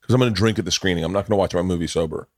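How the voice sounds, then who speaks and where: A man's voice: low voice, rapid-fire, darkish tone, no room sound, studio quality. Rambling middle-aged male podcast host. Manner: rambling, profane storytelling that acts out other people's lines. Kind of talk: casual chat.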